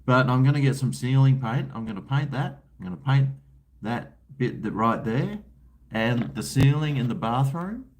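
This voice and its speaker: A man's voice: medium pitch, lively intonation, normal speed. A man with an Australian accent hosting a casual livestream, rambling in a laid-back way, reading out viewer messages, with crude slang and chuckles. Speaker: livestream host. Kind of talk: casual livestream chat while drinking.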